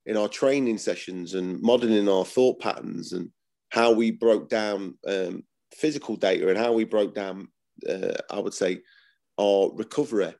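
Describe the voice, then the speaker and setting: A man's voice: fairly low pitch, moderate pace, darkish tone. A man, talking bluntly as an interview guest, swearing and repeating himself. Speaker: former footballer, guest. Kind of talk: casual interview.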